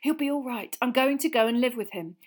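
A woman's voice: fairly high pitch, lively intonation, a little fast, voice pushed up. Harry, a woman voicing a frantic teen wizard. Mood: desperate shouting. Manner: yelling frantic spell incantations. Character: desperate teenage boy wizard fighting off dark creatures.

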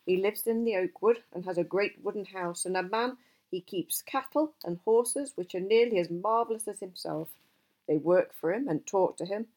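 A woman voicing an old male wizard who is gruff and easily cross, talking emphatically in a storybook reading. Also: medium pitch, normal speed, a little mellow, close to an everyday voice. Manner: emphatic, exasperated outbursts.

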